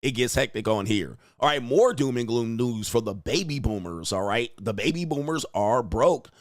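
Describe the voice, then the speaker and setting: Slangy animated man hosting news commentary. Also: mid-range voice, moderate pace, dry recording, clean studio sound. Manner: animated, slangy, puts on voices to quote people. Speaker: commentary channel host.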